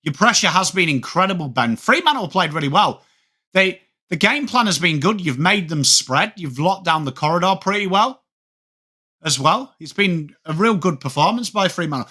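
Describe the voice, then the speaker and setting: A man from England in his thirties, with a Yorkshire accent, hosts a live sports watchalong and chats with viewers while responding to their comments. His high voice is animated and sharp in tone, delivered at a normal speed.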